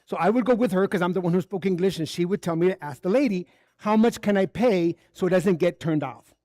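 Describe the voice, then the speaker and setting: Brisk and warm-toned, with a voice that sits high, a man preaches a candid sermon of personal stories at a spiritual center service. He talks conversationally and acts out the dialogue. It's a dry recording with clean studio sound.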